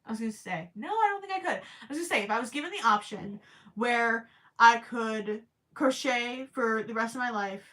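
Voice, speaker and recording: This crochet livestream host speaks at normal speed in a bright, forceful voice on the high side. She chats casually and thinks aloud, stammering and restarting, and her voice cracks after talking for hours.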